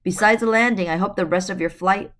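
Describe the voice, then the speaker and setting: A woman's voice: mid-range voice, brisk, fairly bright tone, pitched above the performer's own voice, lightly acted. A woman reading aloud and voicing a polite male character who greets people with little enthusiasm. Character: male storybook character, polite but unenthusiastic.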